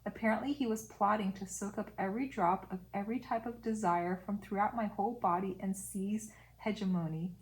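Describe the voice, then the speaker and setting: Brief: a woman narrating a novel with quick casual commentary. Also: medium pitch, steady tone, a little mellow, poor audio. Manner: reads aloud with brief casual asides. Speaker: audiobook reader.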